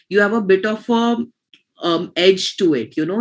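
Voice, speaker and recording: A woman's voice: medium pitch, moderate pace. A woman teaching pronunciation in an online class, explaining patiently and restarting her phrases.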